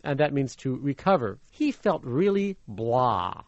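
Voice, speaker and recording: A man's voice: mid-range voice, unhurried, no echo. A playful man from Los Angeles who tells a fairy tale and explains idioms as a slang teacher, with a slightly muffled radio sound. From Los Angeles, USA. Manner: playful, animated, laughs easily. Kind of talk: storytelling lesson explaining idioms.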